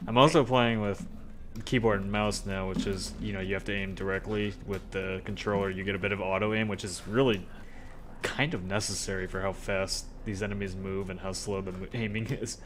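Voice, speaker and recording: A man's voice: low voice, fairly even intonation, a little fast, slight background noise. A man playing a game on a stream, casually explaining what he is doing. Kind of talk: casual commentary while playing.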